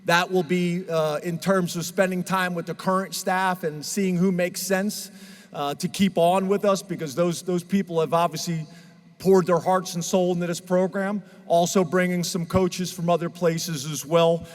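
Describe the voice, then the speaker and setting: Emotional football coach guy at a press conference, highish voice, big echoey hall. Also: fairly even intonation, normal speed. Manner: emotional, earnest. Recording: reverberant hall sound.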